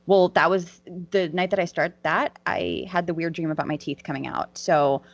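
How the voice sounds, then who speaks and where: A woman co-hosting a podcast in casual chat, talking quickly and animatedly and acting out quoted dialogue. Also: lowish voice, fairly even intonation, vocal fry, dry recording, muffled recording. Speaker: podcast co-host.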